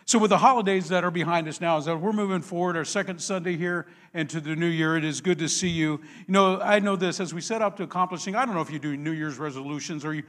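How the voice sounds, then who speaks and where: A pastor delivers his sermon in an easygoing, chatty way, telling stories and laughing at himself. His voice sits a little higher than most men's. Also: fast talker, few pauses. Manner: conversational, warm storytelling with self-deprecating laughs.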